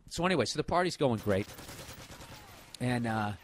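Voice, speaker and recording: A man's voice: mid-range voice, lively intonation, moderate pace. A man in his forties telling a comic story in a profane, exasperated rant. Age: 40s. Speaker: comedian. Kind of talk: comedic storytelling monologue.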